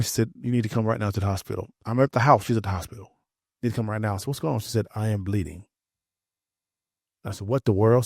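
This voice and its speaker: Earnest low-voiced man telling a personal story. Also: darkish tone, no room sound, clean studio sound. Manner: earnest, halting, repeats words. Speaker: interview guest.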